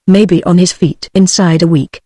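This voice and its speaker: A synthetic British English woman's voice reading a novel aloud with an even, steady audiobook delivery. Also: on the low side, normal speed, breathy edge, no room sound. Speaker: audiobook narrator.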